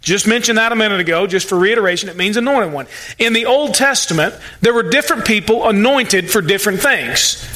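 Man, pastor, sermon; high, ringing voice, earnest, repeats words for emphasis. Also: brisk, sharp tone. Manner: earnest preaching, repeats words when stressing a point.

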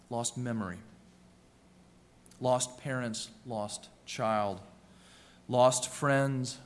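A man preaching a sermon with earnest, rhythmic repetitions, slowing down and softening for emphasis. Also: medium pitch. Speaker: pastor. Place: church sanctuary. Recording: long reverb of a church hall.

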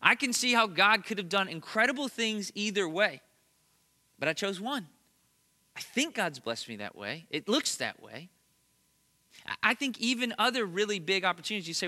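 A man's voice: high-pitched, lively intonation, moderate pace, long pauses, sharp tone. A man in his thirties, a pastor, giving a conversational sermon with earnest points and self-deprecating humorous asides.

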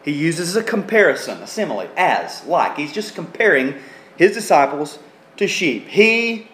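A man with a high voice preaches an expository sermon, teaching earnestly verse by verse. He acts out the quoted speech with some life. The recording rings with the echo of a church sanctuary. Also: sing-song, normal speed, a bit bright. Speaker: pastor.

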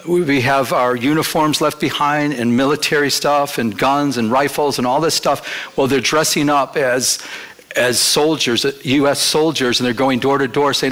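Bright-voiced earnest male preacher. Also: mid-range voice, steady tone, moderate pace. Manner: earnest, conversational, repeats phrases. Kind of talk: sermon with personal storytelling.

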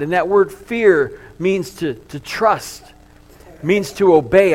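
A middle-aged man preaching, his voice sitting a little high for a man. He tells the story earnestly, pushing some lines out loudly and letting others sink to a hush. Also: lively intonation, takes it slowly. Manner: earnest storytelling, swings from loud to hushed. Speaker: pastor. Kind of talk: sermon.

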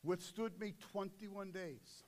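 A man preaching a sermon, swinging between loud urgent passages and low, quiet intensity. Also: slow pace.

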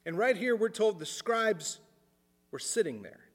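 A man preaching a sermon in an earnest way, repeating words as he thinks aloud and dropping his voice low for emphasis. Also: very animated, measured pace, long reverb tail. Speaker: pastor.

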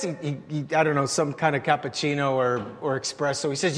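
A man's voice: on the high side, level tone, brisk, hardly any pauses. A man preaching a sermon as pastor, telling stories with many fillers and restarts. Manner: storytelling with frequent fillers and restarts. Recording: long reverb of a large hall.

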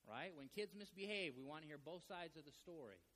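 A man preaching a sermon as pastor, talking in a loose, conversational way with animated storytelling. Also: on the high side, fairly quick. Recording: long reverb of a large hall.

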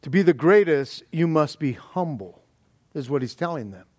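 High-pitched guy preaching, chatty and excited, trips over his words, dry close sound. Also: normal speed, no room sound. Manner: animated, stumbling restarts, laughs often. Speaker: pastor. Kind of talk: sermon.

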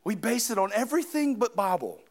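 A man preaching a sermon with passion, dropping to quiet asides and rising to shouted peaks. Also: high-pitched, very animated, a little fast. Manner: impassioned, swings from quiet to shouting.

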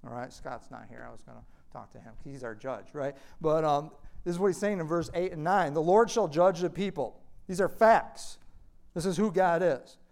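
A man teaching a Bible study class in a conversational way, acting out quoted speech with big swings in pitch. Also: normal speed, gravelly, darkish tone. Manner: conversational, many fillers.

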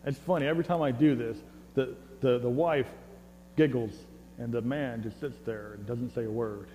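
A man's voice: medium pitch, steady tone, normal speed, warm tone. A man preaching a sermon, conversational and joking, often stumbling over repeated words. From United States. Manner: conversational and joking, with stammered restarts. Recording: long hall reverb with faint mains hum.

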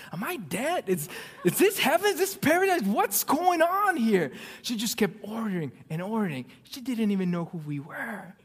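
A man preaching a sermon, telling stories with swings from loud excitement to hushed near-whispers. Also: sits high. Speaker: pastor. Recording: long reverb of a hall.

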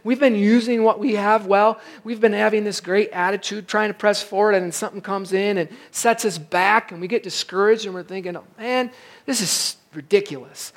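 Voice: medium pitch, fairly even intonation, fairly quick, few pauses. A pastor giving a sermon in an emphatic, conversational way, with asides to the congregation.

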